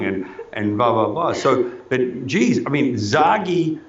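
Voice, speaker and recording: A man's voice: mid-range voice, lively intonation, slow pace, highs cut off. A man, an orthodontist talking in a casual interview, enthusiastic and rambling, restarting his sentences and saying "you know" a lot. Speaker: orthodontist guest.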